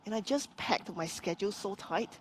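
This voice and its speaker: A business coach from Singapore tells her story as a guest on a live-streamed interview, speaking earnestly and energetically and frequently restarting her sentences. Her voice is husky and medium-pitched, she talks at normal speed, and there's no room sound.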